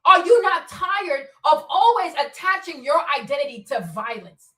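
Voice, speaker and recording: High bright-voiced woman ranting bluntly. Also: expressive, moderate pace, reverberant, distant mic. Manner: blunt, scolding, profane, rhetorical questions. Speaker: commentary show host. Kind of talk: opinionated solo commentary.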